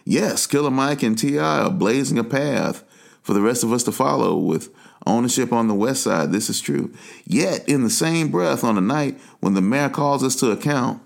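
A man's voice: medium pitch, lively intonation, normal speed, vocal fry. A man from Atlanta, hosting a talk show and delivering a passionate, emphatic commentary monologue. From Atlanta, USA. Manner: passionate, emphatic, preachy asides. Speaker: podcast host.

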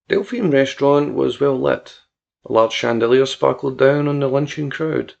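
A male narrator reads a story at a measured, even pace. His voice is strongly gravelly. The recording sounds dull and lo-fi. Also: medium pitch. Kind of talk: audiobook narration.

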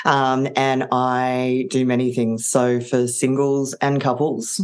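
A woman's voice: a bass voice, flat delivery, slow pace, smooth. A woman guest who works as a relationship coach, talking in a playful, enthusiastic way in casual podcast chat.

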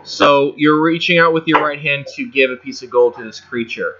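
A man narrating as game master of a tabletop game, talking quickly with restarts, on a lo-fi recording. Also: a little high, sharp tone.

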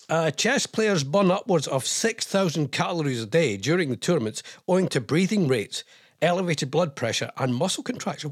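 A man, a radio presenter reading out news items in casual chat, rambling with jokey asides. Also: fairly high pitch.

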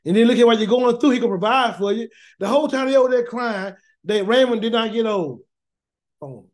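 Emphatic high-voiced male Bible teacher. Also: fairly quick, a little mellow. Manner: preachy, emphatic, repeats words and asks rhetorical questions; colloquial Southern-leaning speech with "y'all" and "gonna". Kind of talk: informal Torah study sermon.

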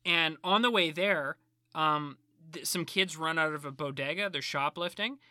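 Bright-voiced man retelling a movie. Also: fairly high pitch, moderate pace, smooth, no room sound. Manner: animated storyteller, acts out movie lines. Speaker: podcast co-host. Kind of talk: casual movie recap chat.

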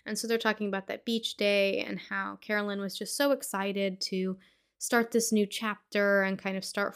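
A young woman hosting a podcast, casually recapping a horror movie scene by scene with lots of fillers. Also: mid-range voice. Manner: chatty, with frequent fillers. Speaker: podcast host.

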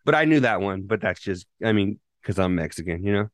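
A podcast co-host tells loose, rambling stories loaded with profanity and restarts in casual chat. His fairly low voice is animated and fairly quick, with no echo.

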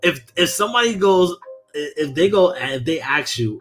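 A young man from Brooklyn hosts a podcast in a loose, swearing, animated chat. His voice is bright and forceful, and he laughs often. Faint music plays behind him. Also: fairly high pitch, unhurried. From Brooklyn, New York. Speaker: podcast host. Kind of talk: casual chat.

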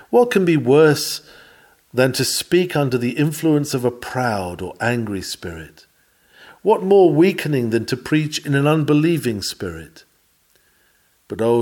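Guy reading an old timey sermon out loud, earnest, leans hard on the questions, mid pitch. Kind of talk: reading an old-fashioned sermon text aloud.

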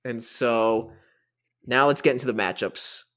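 A man co-hosting a casual podcast in a relaxed, subdued way, steering the segments. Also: medium pitch, measured pace. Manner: relaxed, subdued, good-humoured. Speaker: podcast co-host. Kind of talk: casual chat.

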